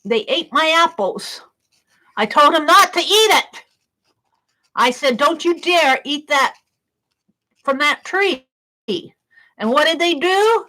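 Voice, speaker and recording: A woman's voice: sits high, expressive, slow, long pauses, pushed and bright, voice pushed up, full character voice, low-quality recording. A woman playing God as an exasperated old man, fussing indignantly about disobedient humans.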